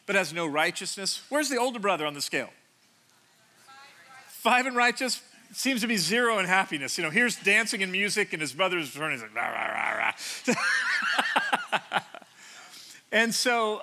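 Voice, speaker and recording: A pastor around sixty, with a high, sharp-toned voice, preaches a conversational sermon from a church stage. He jokes, pokes fun at himself, and often restarts his sentences.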